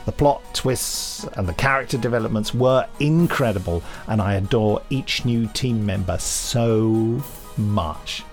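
A man's voice: on the low side, measured pace, faint music behind. Joking, rambling man hosting a podcast. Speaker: podcast host. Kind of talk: casual podcast chat.

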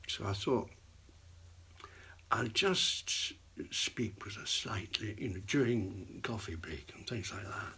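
An older man, an actor, telling rambling anecdotes in an interview and dropping into hushed asides. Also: fairly low pitch, expressive, takes it slowly, breathy edge. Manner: rambling storyteller, drops to hushed whispers for asides. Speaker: actor guest.

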